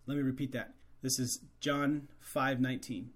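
A man's voice: medium pitch, flat delivery, normal speed, few pauses, fairly bright tone. A man hosting a Catholic show, reflecting earnestly on scripture and urging fathers with rhetorical questions.

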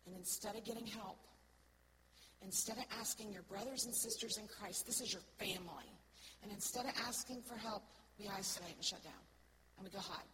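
A woman giving an earnest sermon-style talk to a congregation, often checking in with "right?" and swinging between soft, slow words and loud, stressed ones. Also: medium pitch, heavy background noise. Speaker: church speaker.

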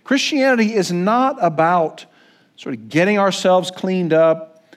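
Pastor, man, higher-pitched, preaching a sermon in an earnest, conversational way. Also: expressive, measured pace. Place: church.

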